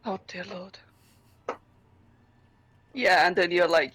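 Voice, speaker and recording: Tabletop player, husky voice, jokey, exclaims often. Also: mid-range voice, slow, fairly bright tone, poor audio. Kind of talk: casual tabletop game chat.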